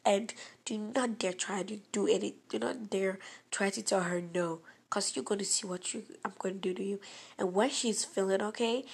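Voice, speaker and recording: Lady playing a stern principal, loud n slow, bossy, kinda gravelly. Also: mid-range voice, fairly even intonation. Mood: threatening. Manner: loud, commanding, slow and clipped. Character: stern, threatening male school principal. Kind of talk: storytime impersonation.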